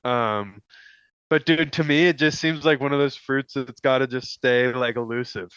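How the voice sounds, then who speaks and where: A laid-back man chats as a podcast co-host, enthusiastic and easygoing. His voice is smooth and of middle pitch. The recording is dry and slightly dull, lacking crisp highs. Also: moderate pace, a bit bright, no echo. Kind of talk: casual chat.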